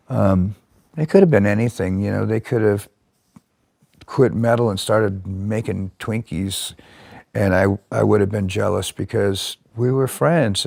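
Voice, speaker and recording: A man's voice: lowish voice, creaky, a little mellow, no echo. A musician reflecting in an interview, hesitant and often repeating his first words.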